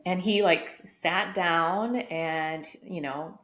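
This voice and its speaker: Speaking very slowly in a low, slightly bright voice, a podcast co-host opens up about a personal story, thoughtful and peppered with casual fillers. The room at home is echoey, with a vacuum going outside the door and faint background noise.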